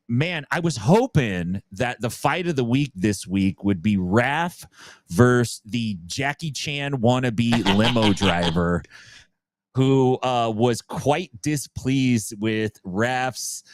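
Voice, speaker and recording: A man's voice: mid-range voice, animated, takes it slowly, dry recording. A man co-hosting a podcast in easygoing, chatty talk, laughing now and then. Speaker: podcast co-host. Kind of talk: casual chat.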